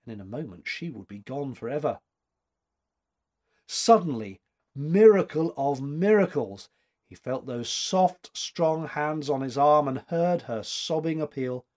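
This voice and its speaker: A man narrating a story aloud in a measured, expressive manner. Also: a little high. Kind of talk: audiobook narration.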